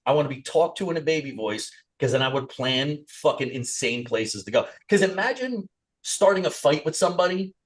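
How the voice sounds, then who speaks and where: A man's voice: fairly high pitch, fairly quick. A man co-hosting a podcast, chatting casually with lots of swearing and mock voices. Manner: animated, heavy swearing, slips into mock voices. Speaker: podcast co-host.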